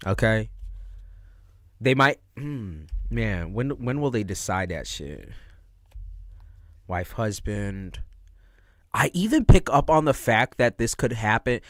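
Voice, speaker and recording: A man's voice: on the low side, sing-song, slow pace, pauses often, fairly bright tone, no echo, studio quality. A man giving a casual livestream tarot reading, talking in slang, with lots of expression and frequent laughs. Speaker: tarot reader.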